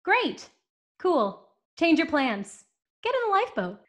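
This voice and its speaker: An actress playing a flustered young stewardess with chirpy, dismissive customer-service patter in a comedic audio drama. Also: female voice, very high-pitched, very animated, a little slow, fairly bright tone, full character voice. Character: flustered young female stewardess, breezy and rude.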